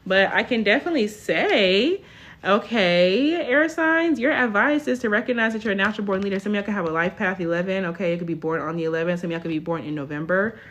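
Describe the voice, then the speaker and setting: A woman in her twenties gives a casual live tarot reading, chatty and tacking "okay?" onto almost every line. Her mid-range voice is fast and a bit bright.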